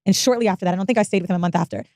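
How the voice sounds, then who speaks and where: A woman's voice: medium pitch, darkish tone, no echo, clean studio sound. A woman telling a personal story candidly in a podcast conversation. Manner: candid, rapid, confessional.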